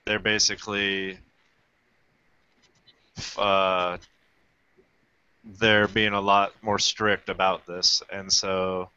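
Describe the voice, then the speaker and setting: A man calmly recounting his experience in a casual panel chat. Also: deep voice, slow, long pauses, smooth, dry recording. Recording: dry, dull lo-fi audio.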